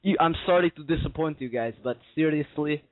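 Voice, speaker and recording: A man calling into a radio show, talking in a put-on Russian accent, calm and smug. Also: fairly high pitch, a little fast, dry recording, natural voice. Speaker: caller. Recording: tinny phone line.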